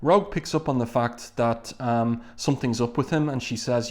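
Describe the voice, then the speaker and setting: A man's voice: medium pitch, a little fast, few pauses. A man casually reviewing a comic book, reading panels aloud and chatting about them, with lots of "uh" and "um" along the way. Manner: conversational, many fillers, reads quoted lines plainly.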